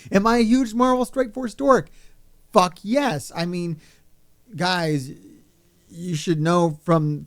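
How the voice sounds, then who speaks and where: Excitable, swearing man with a clear voice. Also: on the high side. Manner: excitable, rambling and profane. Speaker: gaming YouTuber. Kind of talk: off-the-cuff vlog chat.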